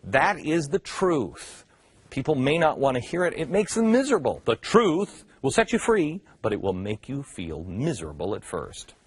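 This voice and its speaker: Sarcastic male talk show host, husky. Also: moderate pace, no echo. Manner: sarcastic, mocking asides; animated, jumps up and down in pitch. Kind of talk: opinion commentary.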